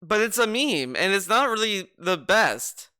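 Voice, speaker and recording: A sarcastic man talks through his reaction in a rambling, casual way. His voice sits high, bright and crisp. He keeps repeating himself as he argues each point. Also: sing-song, unhurried, no room sound, clean studio sound. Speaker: streamer reacting to a video.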